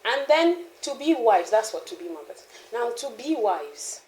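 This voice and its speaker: A woman in an interview, candidly telling a personal story with frequent laughter and animated restarts. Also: a little high, moderate pace, echoey room, rough recording. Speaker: founder of a mothering community, interview guest.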